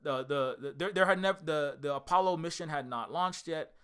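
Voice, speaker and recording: A man's voice: fairly high pitch, normal speed, a bit bright, clear, resonant tone. A man from the United States giving a casual, rambling commentary on an old film, often stopping to correct himself and restart his sentences. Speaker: indie game developer and channel host.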